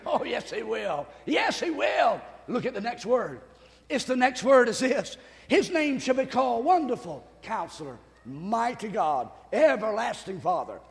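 Older guy pastor preaching, really high gravelly voice, whoops and shouts, church hall echo. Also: big pitch swings, moderate pace. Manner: exuberant preaching with whoops, laughs and shouted peaks. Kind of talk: sermon.

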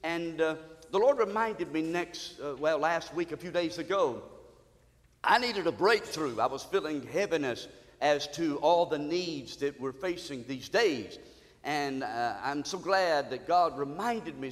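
A man delivering a sermon from the pulpit, pastoral and urgent, his exhortations climbing in intensity. His voice sits a little high for a man. The sound carries a long, lingering reverb from the sanctuary. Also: expressive, measured pace, a bit bright. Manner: fervent, rising to exhortation. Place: church sanctuary.

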